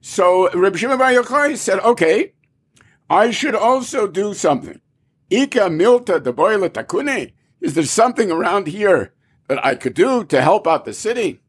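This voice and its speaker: A man teaching a Talmud story in a lively storytelling way, acting out the characters' lines. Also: high-pitched, normal speed, slightly rough. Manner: animated, acts out characters' lines. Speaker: Torah teacher.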